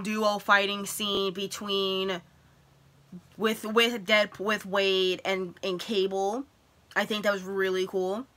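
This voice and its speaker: Bright-voiced young woman vlogger, excitable. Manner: excited retelling with many fillers, voice jumps high when worked up. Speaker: vlogger reviewing a film. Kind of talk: casual chat.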